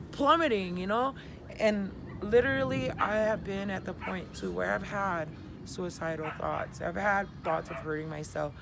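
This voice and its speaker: A middle-aged woman outside talks straight to the camera about coping skills, casual, candid, and animated, with the odd swear word. Her mid-range voice has some vocal fry, and background noise is audible.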